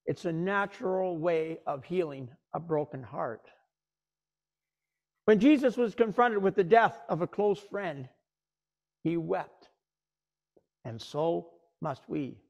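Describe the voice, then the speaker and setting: A middle-aged man pastor preaching a sermon, retelling scripture dramatically with big swings in pitch and careful pauses. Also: dull audio.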